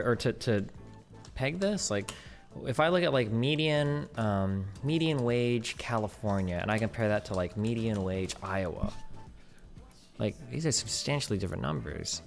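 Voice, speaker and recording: A man's voice: medium pitch, vocal fry. A man streaming live, reading an article aloud and questioning it as he thinks aloud, with many "like"s.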